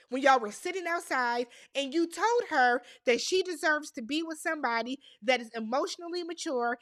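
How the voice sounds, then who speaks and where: A woman's voice: high voice, a bit bright. A woman doing a casual, exasperated recap of a reality TV episode and talking straight to the people on screen. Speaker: recap host.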